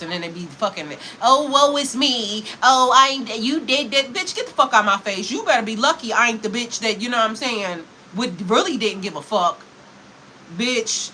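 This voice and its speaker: A woman's voice: medium pitch, bright, forceful tone, slight background noise, low-quality recording. A woman spiritual coach in a heated, profane, emphatic livestream rant.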